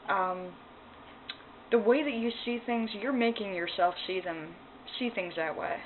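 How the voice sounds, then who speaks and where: A woman's voice: mid-range voice, unhurried. A woman ranting in a personal vlog, angry, upset and emotional, swearing as she talks. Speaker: vlogger. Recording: tinny phone-like sound, faint noise.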